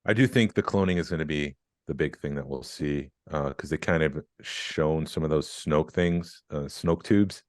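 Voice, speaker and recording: A man hosting a podcast, chatting in a relaxed, rambling way with filler words. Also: rumbling low, moderate pace, dry recording, clean studio sound. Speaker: podcast host. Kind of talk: casual chat.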